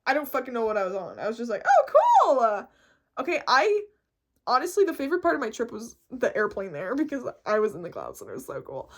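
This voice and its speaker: A woman talks to camera in a relaxed, unscripted way, swearing freely and getting excited mid-sentence. Her voice sits a little high. She reads from notes in between. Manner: profane, excitable, quick to laugh. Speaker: vlogger explaining reality shifting. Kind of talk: casual chat, reading notes aloud.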